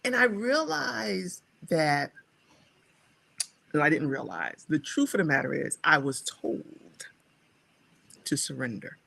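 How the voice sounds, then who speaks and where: A woman guest speaker, a scholar and writer, telling her personal story in a reflective, animated way. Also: low voice, slow pace, vocal fry, pauses often, slightly rough. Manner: animated, acts out her own past dialogue.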